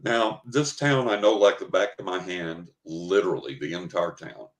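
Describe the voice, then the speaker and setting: A man's voice: low voice, moderate pace. An older man from West Texas, a guest in an interview, telling a story vividly and dramatically. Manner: vivid, dramatic storyteller who acts out his own thoughts. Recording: roomy, echoey recording.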